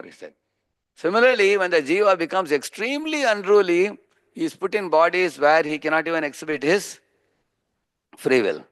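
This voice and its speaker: A man's voice: high voice, animated, normal speed, fairly bright tone, clear, resonant tone. A man with an Indian accent giving a sermon on scripture. He tells everyday stories, often checks in with a questioning "huh?", and acts out the voices of people in his stories. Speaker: preacher giving a scripture class.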